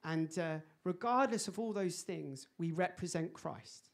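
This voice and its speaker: Animated man preaching with a story. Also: a little high, a little slow, creaky. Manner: animated storyteller, laughing and acting out scenes. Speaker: pastor. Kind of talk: sermon with personal story.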